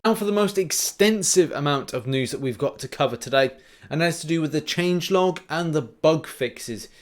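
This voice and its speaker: A young man hosting a mobile game news show, talking in a chatty, animated way with plenty of fillers and restarts. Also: a little high, moderate pace. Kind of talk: casual gaming news commentary.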